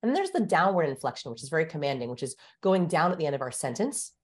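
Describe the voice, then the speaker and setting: Her voice sits low, runs fast and has a sing-song quality. As a guest expert on body language in an instructive podcast conversation, the woman coaches listeners by explaining ways of speaking and demonstrating vocal exercises.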